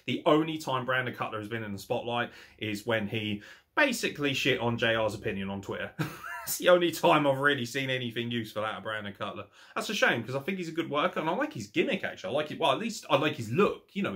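A young man giving casual, sweary, sarcastic commentary as a wrestling reaction host. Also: medium pitch. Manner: sweary, sarcastic, animated rants.

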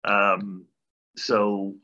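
A man's voice: fairly low pitch, completely flat delivery, extremely slow, sharp tone, highs cut off. A man teaching a religious class in an informal, joking way, with frequent restarts and asides. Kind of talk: informal lecture.

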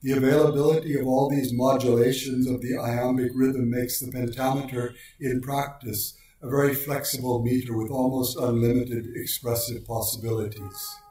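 A man's voice: medium pitch, flat delivery, mellow, a little hiss or hum. Precise male lecturer in an echoey room. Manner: precise, deliberate delivery, slows for quoted lines. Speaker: lecturer on poetry. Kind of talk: measured scripted lecture with recited verse. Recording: very echoey room, voice far from mic.

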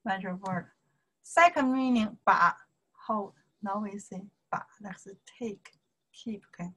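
Woman, language teacher, slow delivery, patient, repeats herself, mixes broken English and Mandarin. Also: mid-range voice, fairly bright tone, husky. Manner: patient, repeats points and checks with "okay?". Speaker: Chinese teacher. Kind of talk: online language lesson.

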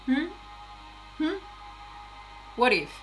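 A young woman reacting to a TV episode in casual commentary, excitable, laughing and swearing often. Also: high voice, very slow, faint music behind. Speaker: reaction video host.

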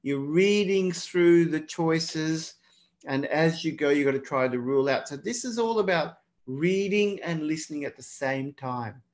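A man who isn't British teaches a live online exam prep class, speaking on the high side at a measured pace. His style is casual and chatty, and he keeps calling out to everyone.

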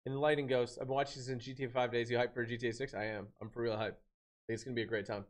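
A man live-streaming a game, chatting in slang, reacting loudly and thanking viewers for donations. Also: medium pitch, very fast. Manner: loud hype outbursts, slangy and excitable, reads donations aloud. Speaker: gaming streamer. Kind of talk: live-stream chat while gaming.

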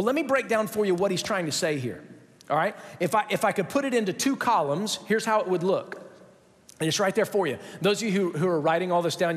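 Man, pastor, conversational sermon, rhetorical questions, long church reverb. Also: high voice. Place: large church sanctuary.

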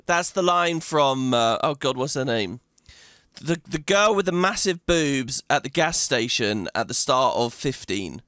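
A man's voice: mid-range voice, big pitch swings, normal speed, pushed and bright, dry recording, studio quality. A man hosting a video game playthrough, chatting away and thinking aloud as he plays, laughing often. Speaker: let's play host.

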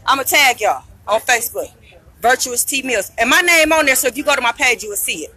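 A loud, chatty woman hosts a live radio stream from a busy outdoor street event. Her voice sits high and bright, and it comes through a phone she holds in her hand as she greets vendors. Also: lively intonation, fast, husky. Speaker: internet radio host.

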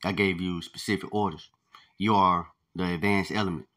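A man's voice: sits low, steady tone, moderate pace, a bit bright. A man reading aloud, giving voice to a stern, paranoid male cell leader who gives orders.

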